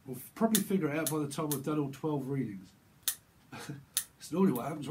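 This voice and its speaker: A man's voice: mid-range voice, lively intonation, quick pace, noisy background. A man giving a rambling tarot reading to camera, playing with words and breaking into chuckles and silly voices. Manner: playful, free-associating wordplay. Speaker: tarot reader.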